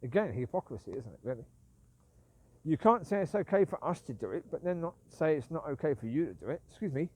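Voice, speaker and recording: A man's voice: on the high side, big pitch swings, fast talker, darkish tone. Aggrieved man rambling on his own vlog. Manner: repetitive, aggrieved, self-justifying. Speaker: vlogger. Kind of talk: rambling casual monologue.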